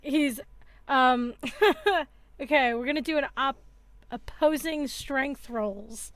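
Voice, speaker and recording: A woman's voice: high voice, takes it slowly, a bit bright. A woman game master narrating a tabletop game, loose and laughing, with many fillers.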